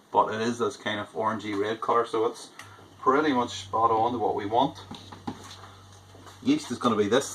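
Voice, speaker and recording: A man's voice: on the low side, fairly bright tone, a little hiss or hum, rough recording. A man chatting casually through a home-brewing vlog, rambling and poking fun at himself. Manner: chatty, rambling, self-deprecating. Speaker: homebrewer.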